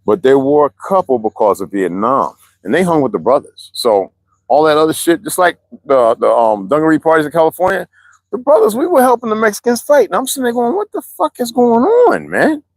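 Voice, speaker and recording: A man's voice: fairly high pitch, lively intonation, brisk, no room sound, poor audio. An older man from the US East Coast, rambling and profane in casual livestream chat, answering viewers as he goes. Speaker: livestream host.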